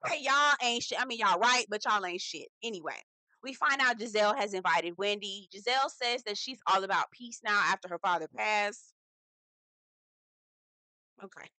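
A woman's voice: medium pitch, animated, normal speed, pushed and bright, no echo. A woman hosting a reality TV recap, talking in a sassy, profane, gossipy way with lots of chatty asides. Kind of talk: casual gossipy commentary.

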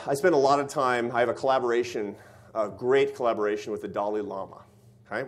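A middle-aged man giving a university lecture, telling a story with lots of rhetorical questions to the audience. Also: mid-range voice.

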